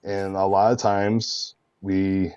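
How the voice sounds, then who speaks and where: A man guest in a casual interview, telling animated, laughing anecdotes with lots of fillers. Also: low voice, takes it slowly, clear, resonant tone, no echo, lo-fi sound. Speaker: guest, roleplay streamer.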